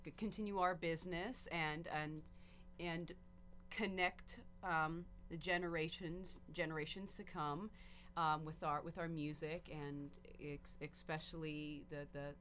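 A woman's voice: sits low, fairly even intonation, unhurried, fairly bright tone, a little hiss or hum. A woman singer guesting on a community radio show, talking hesitantly with many restarts and fillers. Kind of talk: casual radio interview. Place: radio studio.

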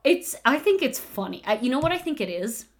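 Woman, casual co-host, animated, thinks out loud. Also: on the high side, a little fast. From United States. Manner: animated, thinks aloud with restarts and laughs. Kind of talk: casual chat.

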